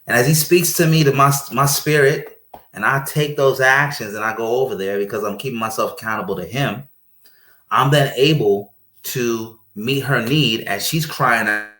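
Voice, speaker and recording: A man, a podcast guest, chatting casually and telling stories with lively acted-out voices and frequent laughter. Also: medium pitch, moderate pace, roomy sound. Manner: animated storyteller, acts out voices, laughs often. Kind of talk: casual chat.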